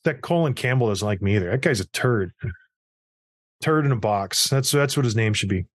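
A former hockey player in his thirties hosts a casual hockey talk show, speaking at normal speed in a lowish voice. He rants animatedly and acts out the people he quotes in his stories, in dry, clean studio sound.

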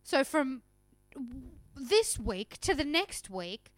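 A woman's voice: high voice, sing-song, takes it slowly, no echo. A young woman co-hosting a podcast, chatting and joking casually as she recaps a show. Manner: chatty, joking, trails off mid-sentence. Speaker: podcast co-host.

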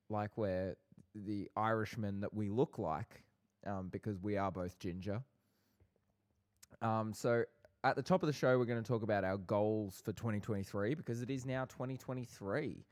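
A young man co-hosting a casual podcast with his brother, bantering playfully with light sarcasm. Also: fairly low pitch. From Australia. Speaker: podcast co-host.

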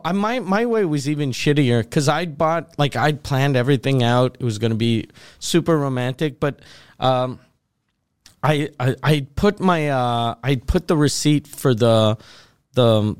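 A man's voice: mid-range voice, moderate pace, smooth, no echo, studio quality. A man co-hosting a podcast, telling a rambling, crude story in casual banter. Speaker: podcast co-host.

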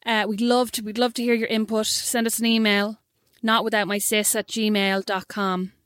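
A young woman co-hosting a podcast, chatting with her sister in a quick, opinionated and dryly witty way, then reading the show's sign-off. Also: mid-range voice, little pitch movement, fairly bright tone, dry recording. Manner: quick, opinionated, dry wit. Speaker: podcast co-host. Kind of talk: casual chat, podcast sign-off.

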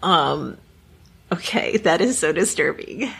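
A middle-aged woman co-hosting a podcast, playful and teasing, quick to laugh. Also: lowish voice, expressive, gravelly, a bit bright, slightly rough. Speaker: podcast co-host. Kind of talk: casual chat.

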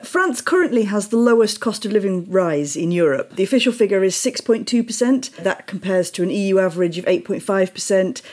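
A British woman, a news editor, chatting on a podcast and explaining things upbeat and clearly. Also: medium pitch, lively intonation, a little fast, hardly any pauses, a little mellow. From Britain. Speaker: editor and regular guest. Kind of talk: casual podcast chat.

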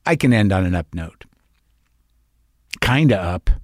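A man's voice: deep voice, expressive, unhurried, dry recording. Dry-voiced sardonic man hosting a podcast. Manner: rambling, sardonic, swings between loud and hushed. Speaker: podcast host. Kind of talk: conversational monologue.

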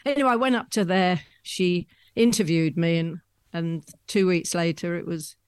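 A woman, a guest telling rambling stories about her past with soft laughs. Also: fairly low pitch, moderate pace, clean tone, no room sound. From London, England. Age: 70s. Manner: chatty, rambling storyteller with frequent soft laughs. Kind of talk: conversational anecdotes.

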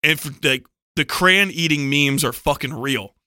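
A man telling a loose, profane story on a podcast, his voice very bright and crisp, slightly above the usual male pitch. He rambles through digressions, restarts and frequent laughter. The sound is close and dry. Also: measured pace, no echo. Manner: heavy use of "like" and self-corrections. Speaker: book club podcast panelist. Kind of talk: casual rambling anecdote.

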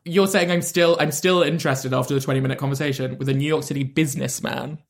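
A young British man in his twenties, a guest in a casual chat, talking in a sweary, animated, joking way. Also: a little high, fast, vocal fry. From England. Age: 20s. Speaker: comedian guest.

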